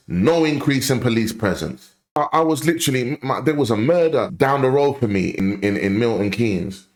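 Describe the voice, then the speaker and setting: A man's voice: mid-range voice, very animated, normal speed. Blunt impassioned man ranting. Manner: blunt, impassioned, repeats points for emphasis. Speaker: commentary host. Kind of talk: opinion rant reacting to a clip.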